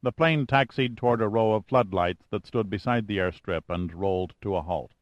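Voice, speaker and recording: Low-voiced male audiobook narrator. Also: normal speed, no echo, lo-fi sound. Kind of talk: scripted narration.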